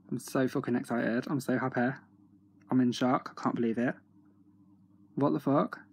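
A young man with a freely swearing, excitable manner, chatting casually at home in a video diary. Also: medium pitch, normal speed, creaky, pauses often, a little hiss or hum. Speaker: autograph collector vlogger.

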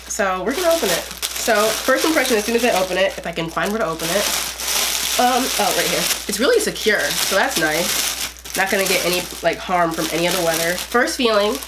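A woman's voice: medium pitch, noisy background. A teenage girl rambling in a casual, chatty way through an unboxing, full of fillers. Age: teens. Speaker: vlogger.

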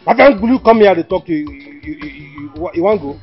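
A young actor with a Nigerian Pidgin accent playing a loud, taunting village bully. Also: male voice, high voice, animated, fast talker, lo-fi sound, faint music behind.

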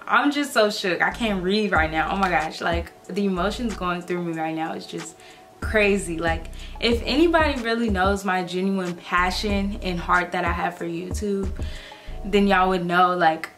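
Excited woman in her 20s gushing to her viewers, says like a lot, soft music under it. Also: lowish voice, moderate pace. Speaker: YouTuber. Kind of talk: emotional casual vlog.

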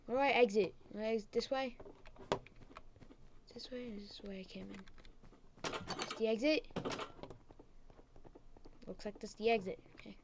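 A woman's voice: on the high side, normal speed, pauses often, noisy background. A woman hosting her own gaming channel, giving goofy, chatty let's-play commentary at home that swings from muttered whispers to sudden squeals.

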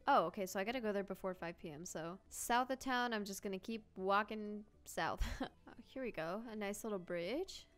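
A young woman hosting a casual playthrough, talking in an ordinary mid-height voice. Her commentary is chatty and easily excited. She reads the game's text aloud as she goes. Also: mid-range voice. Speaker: gaming channel host. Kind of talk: casual let's-play commentary.

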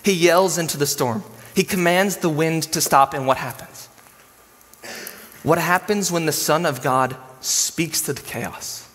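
A male pastor preaching a sermon in a casual, animated storytelling way, full of slang. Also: a little high, measured pace. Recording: long hall reverb.

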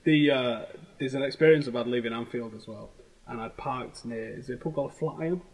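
A man in his thirties with a Manchester accent, hosting a casual chat and telling animated, slangy stories. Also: mid-range voice, a little fast, crowd noise, poor audio. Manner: animated storytelling, heavy swearing, slangy. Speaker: host.

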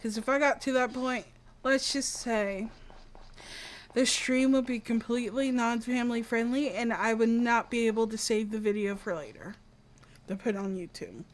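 A woman's voice: fairly high pitch, normal speed. A young American woman streaming a game, chatting casually and playfully, a bit dramatic by her own account. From US East Coast. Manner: playful, self-described dramatic. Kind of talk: casual live-stream chat.

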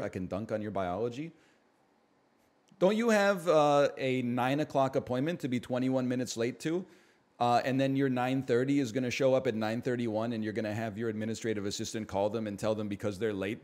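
A man in his thirties streaming, ranting in sarcastic casual banter. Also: darkish tone. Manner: sarcastic, ranting, mock voices at high pitch.

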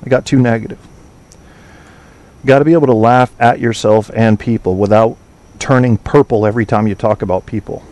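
A man's voice: medium pitch, steady tone, brisk, darkish tone. A man hosting an online talk show, chatting casually with listeners, rambling, swearing and trailing off while he hunts for names. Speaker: podcast host.

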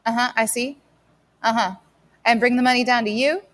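A woman's voice: fairly high pitch, steady tone, normal speed, a bit bright, close to an everyday voice. A woman voicing a weary, tearful mother. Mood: worried. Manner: pleading, tired, voice cracking when upset.

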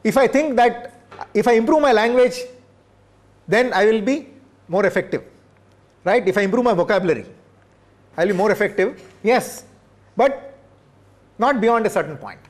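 A man's voice: high voice, animated, normal speed, pauses often. A male professor, lecturing teachers, repeating points for emphasis and asking the audience rhetorical questions. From India.

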